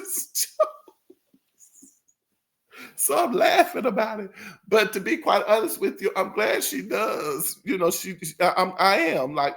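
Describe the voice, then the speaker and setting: A man's voice: high-pitched, animated, normal speed, creaky. A man hosting his own channel, telling a story casually in a rambling way, laughing often and imitating the people in it. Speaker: channel host.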